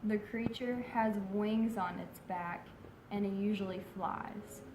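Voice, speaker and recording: A woman's voice: mid-range voice, fairly even intonation, slow, reverberant, noisy background, lightly acted. A woman voicing a solemn warrior man in her own casual speaking voice. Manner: casual, says "like", barely changes her voice.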